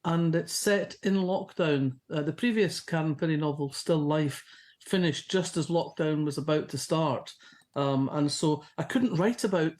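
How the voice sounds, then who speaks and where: A woman from Scotland with a softened Fife accent, a novelist answering questions in a chatty, anecdotal way. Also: low voice, a little slow. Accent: softened Fife Scottish. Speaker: novelist guest. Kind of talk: casual interview chat.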